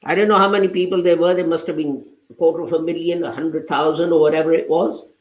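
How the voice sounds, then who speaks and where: A man preaching a sermon with a slightly high voice. He tells his lesson as a story and quotes the people in it. The sound is roomy and echoey. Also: steady tone, quick pace. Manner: retells a parable, quoting its people. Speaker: preacher giving the Friday sermon.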